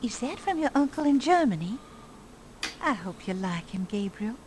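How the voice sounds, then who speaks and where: An actress voicing a gentle, affectionate old grandmother in game dialogue. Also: fairly high pitch, sing-song, moderate pace, slight background noise.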